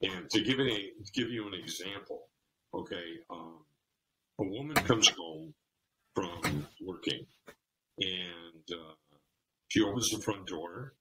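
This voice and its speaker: A man's voice: deep voice, slow pace, long pauses, background noise. A man on a podcast, telling stories about relationships and acting out the scenes. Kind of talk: casual conversation.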